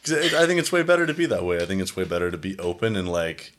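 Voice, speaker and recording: A young man with a low, slightly bright voice talks casually and at length about his feelings, very animated and racing along. He rambles, leans heavily on "like," and acts out quoted exchanges.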